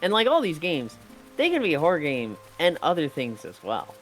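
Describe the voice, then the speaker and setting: A man's voice: fairly high pitch, huge pitch swings, moderate pace, soft background music. A man chatting casually while playing a game, telling rambling stories and acting out his friends' lines. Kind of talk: casual gaming chat.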